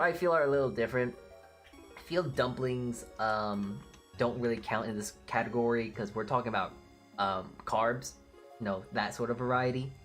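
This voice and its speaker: Woman, very low pitch, casual live-stream chatter, blunt, swears, opinionated.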